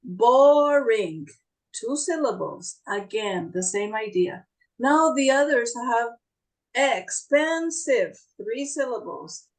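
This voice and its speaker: Female English teacher, patient and encouraging, unhurried delivery. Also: a little high, animated, rough recording. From Brazil. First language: Portuguese. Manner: patient, encouraging, explains slowly. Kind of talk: online English class.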